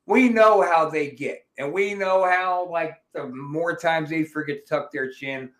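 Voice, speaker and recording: Male podcast host, high pitch, profane and animated, roomy echo. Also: unhurried. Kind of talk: casual podcast chat.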